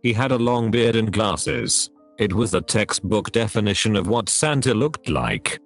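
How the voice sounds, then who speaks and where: Computer guy voice reading a creepy story, kinda low and gravelly, real flat. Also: unhurried, faint music behind. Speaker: narrator. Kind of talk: synthetic text-to-speech horror story narration.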